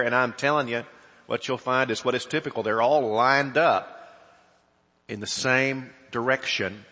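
In a big-room setting, a medium-pitched man delivers an emphatic sermon full of rhetorical questions, alternating loud emphasis with quiet asides.

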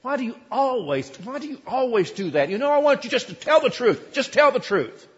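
A man's voice: mid-range voice, expressive, moderate pace, creaky, pitched below the performer's own voice. A petulant, grudging king, put on by a male preacher, who sounds complaining and exasperated. The sound is muffled, as if it were recorded in a hall with a long echo.

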